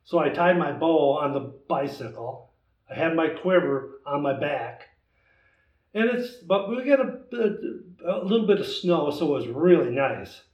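A man in his sixties, a guest telling a hunting story in a lively, casual way, acting out the voices in it. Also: a little high, a little slow. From United States. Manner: animated storyteller, acts out voices in his tale. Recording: roomy, distant, dull sound.

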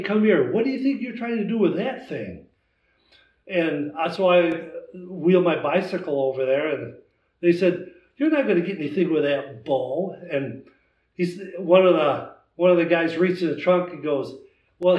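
A man in his sixties, a guest telling a hunting story in a lively, casual way, acting out the voices in it. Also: on the high side. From United States. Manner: animated storyteller, acts out voices in his tale. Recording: roomy, distant, dull sound.

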